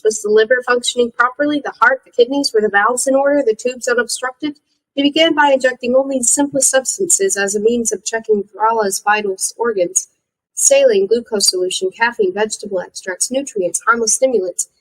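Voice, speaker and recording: A woman reading a novel aloud in a steady storytelling manner. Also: on the high side, brisk, poor audio. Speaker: audiobook reader.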